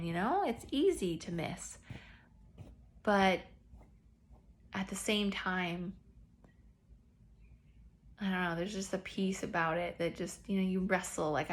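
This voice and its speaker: A woman's voice: fairly low pitch, fairly bright tone. A woman speaking to her business team in a casual, earnest faith-based encouragement talk, often repeating herself and addressing them as "you guys".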